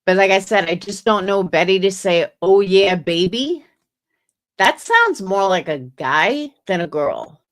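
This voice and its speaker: A woman's voice: mid-range voice, very animated, normal speed, a bit bright. A woman hosting a casual livestream, chatting skeptically with viewers and reading messages aloud. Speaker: livestream host.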